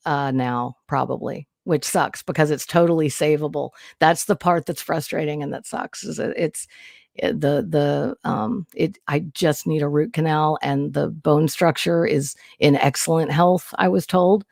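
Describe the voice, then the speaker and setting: This livestream host has a low, creaky, slightly mellow voice, picked up in studio quality by her new studio mic with no room sound. Nervous and emotional, she rambles candidly through the casual stream, restarting often and swearing.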